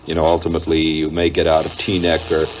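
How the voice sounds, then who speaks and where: A middle-aged Midwestern American man with a bass voice hosts a radio show, racing through a wry, digressive monologue in a completely flat delivery. He chuckles as he tells his story and fills it with lots of "uhs." The sound is a dull, lo-fi old radio broadcast with faint hiss.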